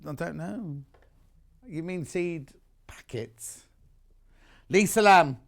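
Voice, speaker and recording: A man's voice: on the high side, expressive, a little slow, long pauses. Bantering man on shopping TV. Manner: chatty, bantering, chuckling asides. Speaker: shopping channel presenter. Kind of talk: live shopping TV chat.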